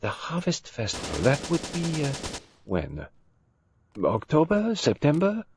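A man's voice: a little high, wildly swooping pitch, measured pace, background noise, pitched above the performer's own voice, exaggerated voice. A man voicing a fussy, precise elderly Belgian detective who speaks formally and enunciates carefully. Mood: polite, probing.

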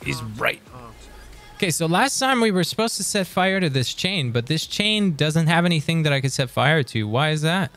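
Excitable swearing male game streamer. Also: on the high side, normal speed, faint music behind. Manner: swears and talks back to enemies, excitable. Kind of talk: live gameplay commentary.

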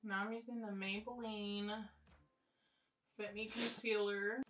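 A woman's voice: medium pitch, level tone, unhurried, fairly bright tone, low-quality recording. A young adult woman chatting casually while doing her makeup, rambling and blunt with plenty of swearing. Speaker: beauty vlogger. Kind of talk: casual get-ready-with-me chat.

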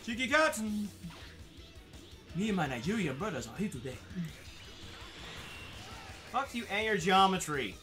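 A man playing a fighting game with a friend, yelling, swearing and joking in goofy trash talk. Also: high voice, sing-song, normal speed, long pauses, soft background music. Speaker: gaming channel host. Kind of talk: loud casual gameplay banter.

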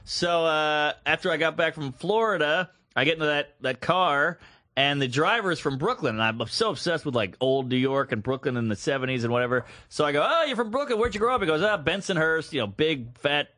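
A man in his thirties, a podcast co-host chatting casually and telling animated anecdotes. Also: fairly high pitch, brisk, no echo, studio quality. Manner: animated storyteller, acts out voices in anecdotes. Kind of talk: casual chat.

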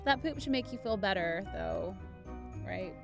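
A woman's voice: mid-range voice, expressive, a little slow, over music. A young woman hosting a casual let's-play, chatty and playful, scolding the pets in her game. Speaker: gaming channel host.

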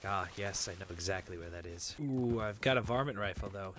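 A man hosting a video game playthrough in a casual, goofy, joking way, breaking into sudden excited yelps. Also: low voice, a little fast, hardly any pauses. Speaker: host. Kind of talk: casual gameplay commentary.

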